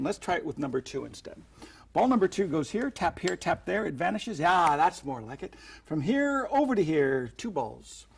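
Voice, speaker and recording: A fairly high-pitched man with a gravelly, husky voice walks through magic tricks step by step. He talks in a chatty, playful tutorial manner and slips into lively showman patter for the demonstrations. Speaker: magic instructor.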